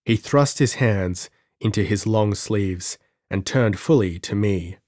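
A man narrating an audiobook with measured, dramatic delivery. His voice is low and unhurried, recorded close and dry with no room sound. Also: darkish tone, no room sound.

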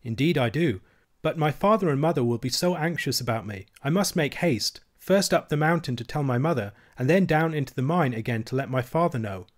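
A man's voice: medium pitch, lively intonation, a little fast, close to an everyday voice. A practical young miner boy answers politely but doubtfully, as a man reading a storybook voices him. His replies are plain and matter-of-fact.

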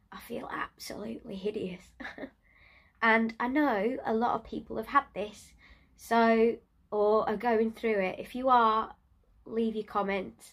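A woman vlogging from her sickbed, nasal, exhausted and short of breath, talking in a halting, trailing way. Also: medium pitch, creaky. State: ill and exhausted, weak voice. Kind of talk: casual video diary. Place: in bed at home.

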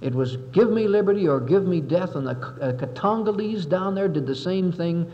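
A man's voice: sits high, lively intonation, moderate pace. Emphatic man lecturing in a reverberant hall. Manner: emphatic, oratorical, acts out quotes. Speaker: political lecturer. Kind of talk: impassioned public speech. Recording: dull 1961 lo-fi tape with long hall reverb.

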